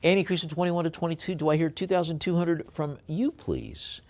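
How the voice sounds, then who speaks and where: A man working as an auctioneer, calling bids in a brisk rhythmic chant and adding chatty asides about the lots. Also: flat delivery. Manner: drops low and soft on a coaxing "please". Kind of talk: live auction bid calling.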